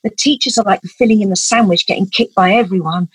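A woman's voice: medium pitch, fast, breathy edge, no echo, rough recording. A middle-aged woman, telling an emotional personal story as an interview guest in an earnest, vivid way. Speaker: guest, parent advocate.

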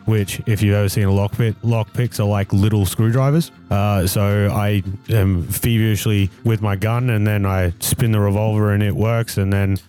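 Guy at a tabletop game, casual and sweary, low mellow voice. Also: fairly even intonation, moderate pace, faint music behind. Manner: casual, swears, plays his turn with flair. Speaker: player.

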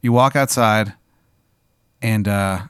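A man's voice: fairly low pitch, takes it slowly, a bit bright, smooth, dry recording, studio quality. A young man co-hosting a comedy show, spinning an improvised story with playful, dramatic narration and some hesitant fillers. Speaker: co-host.

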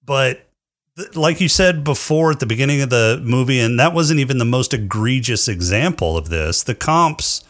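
A man's voice: mid-range voice, lively intonation, normal speed, fairly bright tone. A man co-hosting a podcast in casual chat, with dry, sarcastic remarks. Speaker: podcast co-host.

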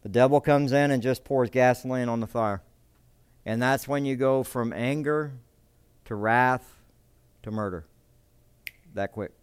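Male preacher, sermon delivery; smooth resonant tone, dry recording; emphatic swings in volume, repeats key words. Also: unhurried, pauses often, no echo. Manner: swings between loud emphasis and low, quiet asides.

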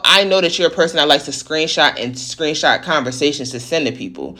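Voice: mid-range voice, expressive, pushed and bright. Blunt, profane vlogger venting a story. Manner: fast, run-on delivery. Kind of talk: casual storytelling rant.

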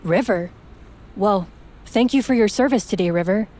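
A woman's voice: mid-range voice, normal speed, darkish tone, lightly acted. A woman voicing the commander of the freedom fighters, giving thanks and orders with authority. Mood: commanding.

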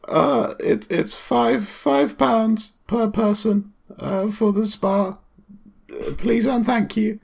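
A man voicing a dim-witted teenage male gym clerk who stammers and halts in a high, thin voice. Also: fairly even intonation, vocal fry, heavily acted. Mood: dithering. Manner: high-pitched, halting, stammering.

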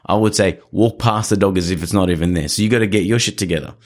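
Man coaching on calm dog walking. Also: low-pitched, quick pace. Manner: earnest, coaching, acts out little scenes. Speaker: dog trainer. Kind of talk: casual podcast conversation.

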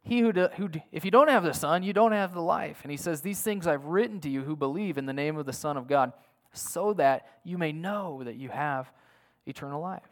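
A man's voice: a little high, a little fast. Man preaching with earnest emphasis. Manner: earnest, emphatic, with restarts and rhetorical questions. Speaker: pastor. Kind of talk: sermon.

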